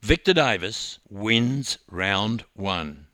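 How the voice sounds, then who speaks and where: A man with an Australian accent tells a sports story slowly with animated, dramatic rises and falls. His voice is bright and forceful. The sound is close and dry. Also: lowish voice, no room sound. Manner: lively, dramatic emphasis. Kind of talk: storytelling narration.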